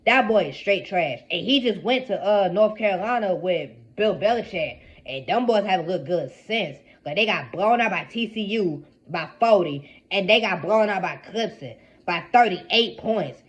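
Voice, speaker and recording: A man's voice: high-pitched, lively intonation, moderate pace, few pauses, highs cut off. A young man giving an exasperated, repetitive fan rant about his team, heavy on slang. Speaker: sports fan commentator.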